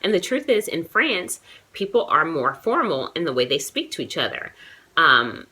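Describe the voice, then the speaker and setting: A woman's voice: low voice, sing-song, moderate pace, bright, forceful tone. A young American woman with a cold, chatting casually to camera in a travel vlog, full of likes and you knows. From United States. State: has a cold, chesty. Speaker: travel vlogger.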